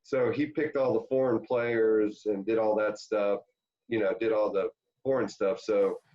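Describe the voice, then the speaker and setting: A man's voice: fairly low pitch, unhurried. Man, former ballplayer, casual storytelling, filler-heavy, muffled lo-fi sound. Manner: rambling, animated anecdotes with many fillers. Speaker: former pro baseball player, guest. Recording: dull lo-fi sound.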